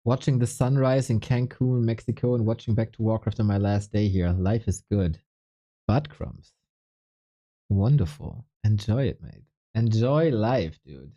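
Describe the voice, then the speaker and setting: A man's voice: lowish voice, unhurried, lo-fi sound. Tired, chatty male esports caster. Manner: relaxed, chatty, joking with chat. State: tired and a bit unwell. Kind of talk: casual live-stream commentary, chatting with viewers.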